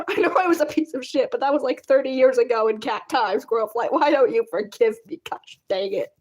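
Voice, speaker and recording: A woman's voice: high voice, a little fast. A woman doing a whiny, exasperated tomcat mentor. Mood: pleading. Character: disliked scheming adult tomcat mentor.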